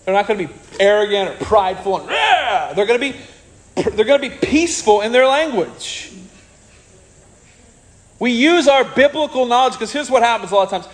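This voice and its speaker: A man preaching a sermon in an animated way, with joking asides and acted-out quotes. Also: extremely high pitch, a little fast, poor audio. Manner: animated, jokey asides, acts out quoted people.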